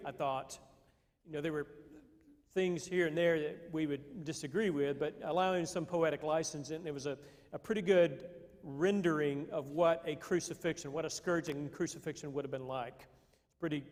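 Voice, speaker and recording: A man preaches a sermon in an easy, conversational manner, stopping and restarting as he thinks aloud. His voice sits somewhat high for a man. A long reverb trails after his words, as in a large church. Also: darkish tone. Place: church sanctuary.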